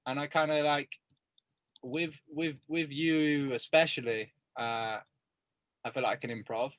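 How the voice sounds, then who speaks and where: A man co-hosting a casual podcast, tossing out deadpan absurd jokes and easy agreement. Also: on the high side, a little slow, no room sound. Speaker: podcast co-host. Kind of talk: casual chat.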